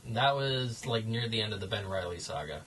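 A man with a bright, crisp tone talks offhand in a group chat, trailing off and restarting. A faint hiss sits under his voice. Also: lowish voice, expressive, fairly quick, poor audio. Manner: offhand, swears, stops and restarts. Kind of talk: casual chat.

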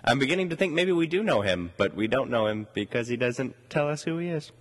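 A man hosting a casual podcast, talking in a rambling way with lots of fillers. At times he interviews a guest at a booth on a convention floor. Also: brisk. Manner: rambling, many fillers, jumps high in pitch when excited. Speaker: podcast host.

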